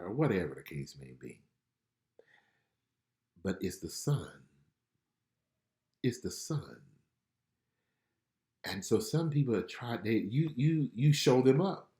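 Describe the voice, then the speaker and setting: A middle-aged man speaks as a spiritual life coach on a livestream, his voice rising and falling with lively pitch. He enunciates carefully and talks gently and personally to viewers. The sound is picked up in an echoey room. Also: measured pace, long pauses. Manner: gentle, conversational, reads viewer comments aloud; enunciates clearly, former radio announcer. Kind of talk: live online prayer and prophetic encouragement.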